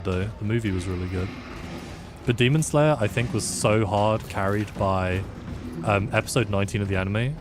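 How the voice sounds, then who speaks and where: A man's voice: on the low side, background noise. A man from the UK casually commentating a game as a live streamer, reacting with sudden exclamations and chatting with viewers. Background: game music.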